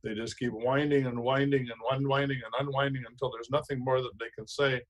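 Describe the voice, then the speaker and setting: Male host, emphatic and preachy, mid-pitched, repeats himself for effect. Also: flat delivery, brisk, low-quality recording. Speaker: show host. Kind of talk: casual advice talk.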